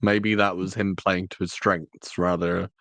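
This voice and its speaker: Podcast co-host, male, lowish voice, wry teasing delivery, dry close mic. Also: level tone, measured pace, a bit bright, no echo. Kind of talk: casual chat.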